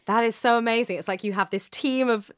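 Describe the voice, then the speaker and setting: A woman's voice: on the high side, a little fast, clear, resonant tone, no room sound, clean studio sound. A woman hosting a casual interview, reacting with short, encouraging exclamations. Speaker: podcast host.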